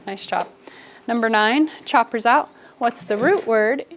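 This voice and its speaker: A woman teaching a first grade spelling lesson, giving brisk, encouraging instructions to her class. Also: a little high, a little hiss or hum.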